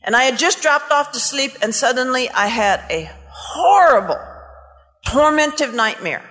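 A woman preacher telling a story in a sermon, animated and dramatic. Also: high-pitched, a little slow, long reverb tail, faint music behind.

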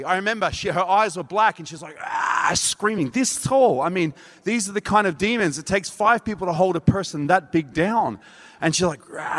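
High-voiced animated preacher in reverb. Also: male voice. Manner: animated, acts out quotes, laughs at himself. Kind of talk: sermon with storytelling. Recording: long hall reverb.

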